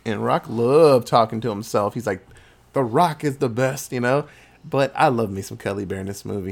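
A man with a fairly high voice retells a horror movie plot for his podcast. He acts out the characters' lines as he goes and swears casually. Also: vocal fry. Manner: animated storytelling with quoted voices, swearing. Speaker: podcast co-host.

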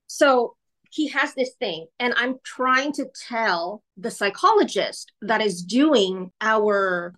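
A woman telling her personal story in a candid, emotional way, speaking quickly and acting out the voices of the people she quotes. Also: medium pitch, fairly bright tone, poor audio. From California.

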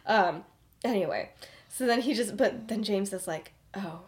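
A woman's voice: mid-range voice, expressive, moderate pace. A young woman casually recapping her own fan story for friends, chatty and full of "like", laughing often. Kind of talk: casual chat.

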